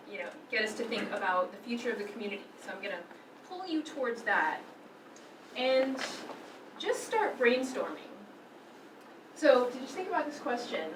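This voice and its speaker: A woman workshop presenter guiding a group discussion, thoughtful with frequent fillers, in a conference room. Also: on the high side. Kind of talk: workshop facilitation. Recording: roomy, from far off with background noise.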